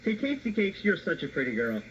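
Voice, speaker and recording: Male prank caller on radio: high, lively pitch, goading and mock-flirty, lo-fi audio. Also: brisk, a little hiss or hum. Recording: dull lo-fi radio recording.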